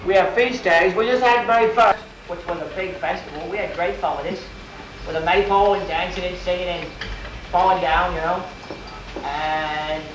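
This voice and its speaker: A man in costume telling first-person medieval tales in folksy, rustic grammar, talking straight to his listeners and asking them questions. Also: high voice. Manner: folksy, rambling, speaks in old-timey rustic grammar. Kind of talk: first-person historical role-play for an audience. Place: school event crowd area. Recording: echoey camcorder sound from far off with faint noise.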